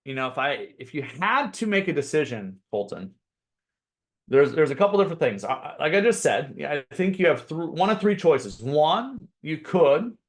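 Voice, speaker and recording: A man leads a sales coaching webinar in a loose, conversational way. He leans hard on key words and slips into short sample conversations with clients. His pitch sits in the ordinary middle. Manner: emphatic, conversational, acts out sample dialogue. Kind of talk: webinar teaching.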